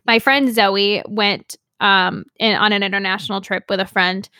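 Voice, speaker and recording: A woman's voice: medium pitch, steady tone, moderate pace, pushed and bright, no echo, clean studio sound. A young woman co-hosting a podcast, telling travel stories in a casual chat and laughing often. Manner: chatty storyteller, laughs often. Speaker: podcast co-host.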